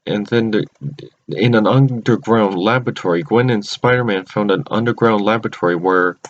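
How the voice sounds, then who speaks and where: A man's voice: on the low side, moderate pace. Male home recapper, rambling with constant restarts; dull, lo-fi capture. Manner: rambling, many restarts and self-corrections. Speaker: cartoon episode recapper. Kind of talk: casual unscripted recap. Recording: dull lo-fi recording.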